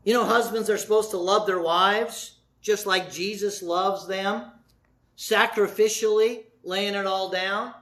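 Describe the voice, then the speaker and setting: A man preaching a sermon in a high, bright voice. He is middle-aged and tells his story dramatically, acting out the voices in it and dropping from loud cries to hushed, slow lines. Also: steady tone. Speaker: pastor.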